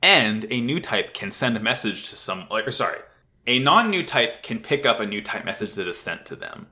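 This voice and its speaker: A man co-hosting a casual anime recap podcast, talking in an animated way, swearing freely and laughing often. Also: lowish voice, normal speed. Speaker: podcast co-host.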